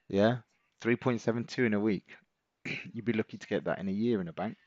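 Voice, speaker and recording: A man's voice: lowish voice, moderate pace, no echo, lo-fi sound. A middle-aged man, hosting a live stream as a trading coach, chatting casually and encouraging viewers as he reads out their comments.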